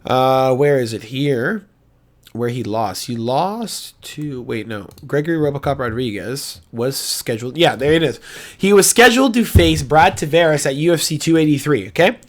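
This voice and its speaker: A young man hosting a casual fight breakdown, profane and excitable, swinging from loud outbursts to low muttering. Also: moderate pace. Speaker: MMA reaction host.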